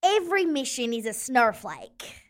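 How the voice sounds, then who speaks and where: Woman playing a gruff deadpan druid man. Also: sits high, moderate pace. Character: gruff antisocial male druid soldier, blunt.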